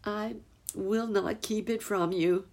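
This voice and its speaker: A woman's voice: mid-range voice, steady tone, takes it slowly, a little mellow, pitched above the performer's own voice. A woman voicing a fretful muskrat lady housekeeper in a storybook reading. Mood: worried. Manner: fretful, apologetic.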